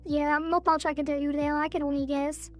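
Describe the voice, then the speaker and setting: Casting: high-pitched woman dev streamer, casual and hedging, voice a little cracked, faint music underneath. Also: flat delivery, a little fast. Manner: thinks aloud, hedging, frequent laughs. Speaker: game developer streamer. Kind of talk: casual live-stream chat.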